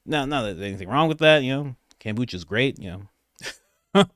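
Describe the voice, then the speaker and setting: A man hosting casual political commentary, reacting to a clip with sarcasm and mockery, now and then dropping to a quiet mutter. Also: lively intonation, brisk, no room sound, studio quality. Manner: sarcastic and mocking, mimics others in exaggerated voices, laughs often; drops to a low, quiet mutter for asides. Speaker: commentary channel host.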